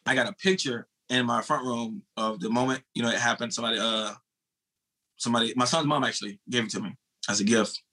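A U.S. man in his thirties, formerly a sprinter, tells an animated race story at a quick pace in a mid-range voice. The talk is casual, with swearing and repeated "bro" directed at the host.

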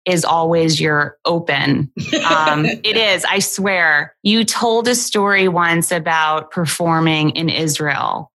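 A woman hosting a casual podcast interview, her voice bright and forward while sitting a little low. She talks with eager enthusiasm, piling praise on her guest. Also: slow pace. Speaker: podcast host.

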